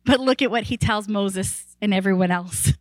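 A woman pastor preaching a sermon in a conversational, animated way, often saying "like" and restarting sentences, and rising in pitch and volume when excited. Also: normal speed, no room sound, rough recording.

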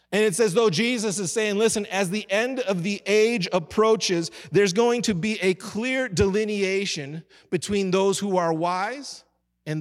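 A male pastor with a high, bright-toned voice delivers a sermon, drawing on call-and-response with his congregation. His words ring out with a long reverb tail, as in a big church hall.

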